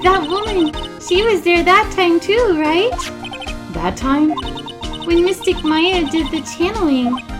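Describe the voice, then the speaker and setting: A woman's voice: very high voice, slow pace, pitched above the performer's own voice. Woman doing a sweet earnest little girl. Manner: eager, polite. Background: game music.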